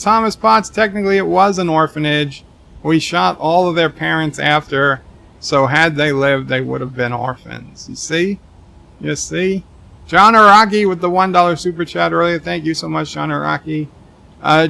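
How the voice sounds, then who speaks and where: A man streaming a game live, reading viewer comments aloud and answering them with deadpan jokes and rambling asides. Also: fairly high pitch, gravelly. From Texas. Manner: rambling asides with many restarts. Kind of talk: live-stream chat reading while gaming.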